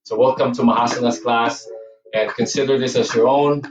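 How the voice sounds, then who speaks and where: A man's voice: mid-range voice, fairly even intonation, fairly quick, echoey room, far from the mic, highs cut off. A man with a Cebuano accent teaching a movement class, cueing breathing and counting while encouraging students. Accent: Filipino, Cebuano. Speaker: yoga and movement instructor. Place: dance studio.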